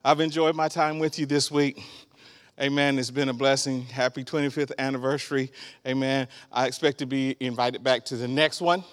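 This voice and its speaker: A man in his sixties preaching a sermon as a guest, animated, breaking into laughter and shouts. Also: mid-range voice, normal speed, clear, resonant tone.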